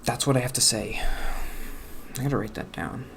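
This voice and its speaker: A man in his late twenties talking softly and haltingly over a video game, trailing off and questioning himself. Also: medium pitch, vocal fry, slight background noise. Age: late 20s. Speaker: gaming channel host. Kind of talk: casual let's-play commentary with personal talk.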